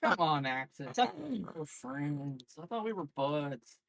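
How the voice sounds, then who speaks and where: A folksy country man with a slow, mock-hurt drawl, as a man puts him on for a laugh, pitched far below his own voice. The voice is low and unhurried. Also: lively intonation, fairly bright tone. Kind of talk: playful put-on voice on a livestream.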